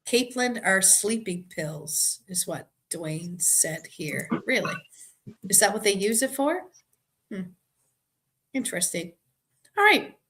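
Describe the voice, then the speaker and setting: Hosting a trivia live stream, a woman from Boston speaks with the local accent in relaxed, chatty talk and reads out viewer comments. Her mid-range, slightly bright voice is very animated but slow, with many pauses, over slight background noise.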